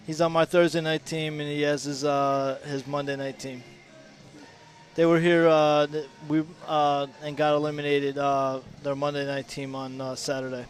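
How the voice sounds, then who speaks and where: A man calling a pool match with casual, laughing banter in a pool hall. His voice sits a little high, and he rambles through stories full of fillers. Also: flat delivery, unhurried, faint music behind. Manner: laughs often, chatty, trails off with fillers.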